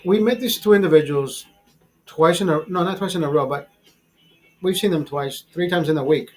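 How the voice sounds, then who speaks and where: A man's voice: a little high, moderate pace, soft background music, low-quality recording. A man in his forties, the channel's host, telling a rambling story in a casual, profane way, full of restarts and laughter, and calling the listener brother. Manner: frequent laughter. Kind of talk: casual storytelling over a beer.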